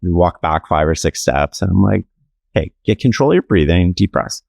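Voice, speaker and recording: A man, an author being interviewed, talking in a relaxed, anecdotal way with many casual fillers. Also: deep voice, normal speed, creaky, dry recording, clean studio sound. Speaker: author and podcast guest. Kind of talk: conversational interview storytelling.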